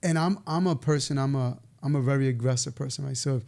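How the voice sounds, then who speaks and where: A man, telling stories in a casual, animated way as a podcast guest, laughing now and then. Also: medium pitch, quick pace, creaky. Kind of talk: casual storytelling interview.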